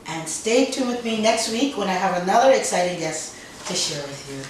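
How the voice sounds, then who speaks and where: A woman's voice: mid-range voice, animated, normal speed. A woman hosting an interview show, affirming her guests and closing the episode. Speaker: host. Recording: echoey room, distant mic, noisy.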